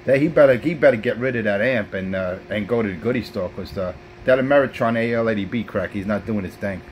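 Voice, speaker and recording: A man's voice: on the low side, fast talker, a little hiss or hum, poor audio. A man, trash-talking rivals as a brash, profane CB radio operator. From South Bronx, New York.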